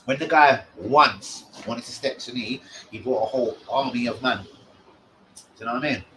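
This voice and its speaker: A man's voice: medium pitch, moderate pace, a bit bright, poor audio. A man hosting a live stream, trash-talking in a brash, profane way. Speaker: host of a fan channel. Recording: faint background noise.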